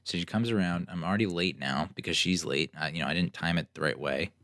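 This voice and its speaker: Deep-voiced sarcastic man telling stories. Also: quick pace, dry recording, studio quality. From New Jersey. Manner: animated, sarcastic, acts out other people's lines. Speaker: podcast host. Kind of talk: casual solo storytelling.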